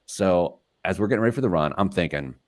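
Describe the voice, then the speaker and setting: A man's voice: low-pitched, lively intonation, fast. A man hosting a radio talk show, telling stories about himself in a casual, self-mocking way. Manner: self-deprecating storyteller, laughs at himself. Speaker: radio show host, financial planner.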